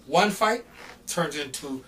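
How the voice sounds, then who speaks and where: A middle-aged man casually telling a story on a podcast, animated and swearing, shouting out the quoted lines. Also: fairly high pitch, slow pace, recorded from a distance, a little hiss or hum. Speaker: podcast guest.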